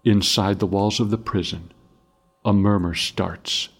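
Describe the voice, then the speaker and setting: A man narrates a grim story in a grave, measured reading. His voice sits very low, and he takes his time over every phrase. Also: fairly even intonation, husky.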